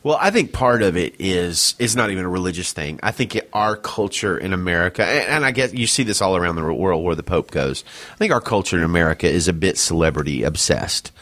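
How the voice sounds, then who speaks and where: A man co-hosting a casual podcast, talking through ideas earnestly in a fairly low voice. He often stumbles and restarts mid-phrase as he thinks, and reads passages aloud at times. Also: animated, fairly quick, a bit bright. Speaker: podcast co-host.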